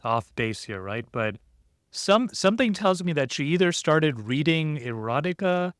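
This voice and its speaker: A man's voice: fairly high pitch, sing-song, unhurried, no room sound, studio quality. A man co-hosting a casual podcast. He reads out a listener's question and then speculates about it thoughtfully, hedging as he goes. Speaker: podcast co-host.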